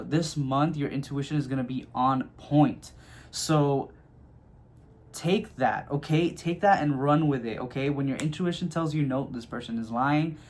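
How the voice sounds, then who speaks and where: Man, somewhat high voice, casual tarot reading, chatty, lots of fillers. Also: darkish tone. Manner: chatty, filler-heavy, checks in with "okay?". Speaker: tarot reader.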